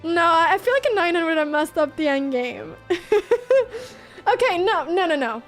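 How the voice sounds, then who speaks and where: A woman's voice: very high-pitched, lively intonation, normal speed, fairly bright tone, soft background music. A young woman streaming chess, chatting casually and laughing often at her own guesses. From Sweden. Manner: giggly and self-mocking, laughs often. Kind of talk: casual commentary over online games.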